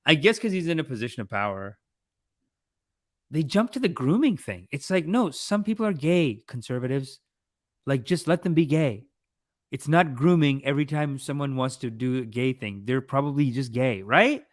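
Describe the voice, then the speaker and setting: A man hosting a casual commentary stream, talking in an animated, rambling way with many fillers and quick asides. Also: mid-range voice, no echo, studio quality. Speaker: host. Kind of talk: casual commentary while watching a documentary.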